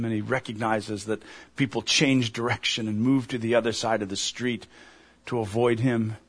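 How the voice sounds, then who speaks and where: A man preaching a sermon, earnestly retelling an imagined story and dropping to a hush at its emotional moments. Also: medium pitch. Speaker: pastor.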